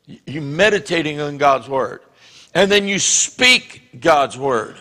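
A man preaching a sermon as pastor, animated and acting out the voices he quotes. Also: fairly high pitch, takes it slowly, in a large hall. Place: church sanctuary.

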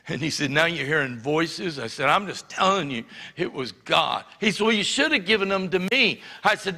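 Gravelly animated preacher man. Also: on the high side, normal speed. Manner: animated storytelling, acts out quotes. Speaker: pastor. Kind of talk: sermon testimony. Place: church sanctuary. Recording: church hall reverb.

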